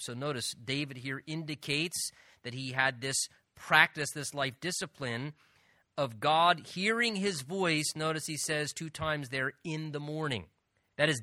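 Male pastor, earnest expository sermon, bright voice, dry sound. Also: on the high side, dry recording. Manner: earnest, emphatic, swings from soft to loud.

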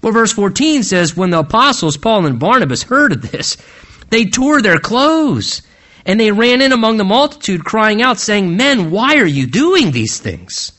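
Pastor, male, sermon delivery; bright, slightly high voice with dramatic swings from loud peaks to hushed lows. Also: sing-song. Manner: swings between soaring emphasis and hushed low phrases; earnest and emphatic, with drawn-out slow stresses.

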